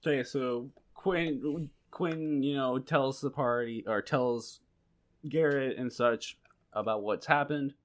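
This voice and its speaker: Male game master, unhurried, rambling narration. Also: mid-range voice. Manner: relaxed, rambling with fillers.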